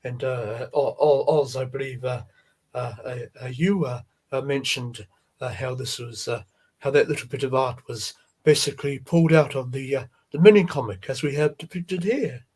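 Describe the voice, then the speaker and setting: A man hosting a live stream, chatting gently and haltingly about toy card art, with many fillers and repeated words. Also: medium pitch, breathy edge.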